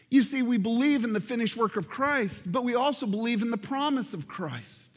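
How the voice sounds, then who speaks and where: A man's voice: very high-pitched, expressive, moderate pace, few pauses, in a large hall. A man preaching a sermon as pastor, earnest and addressing the congregation directly, repeating words for emphasis. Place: church sanctuary.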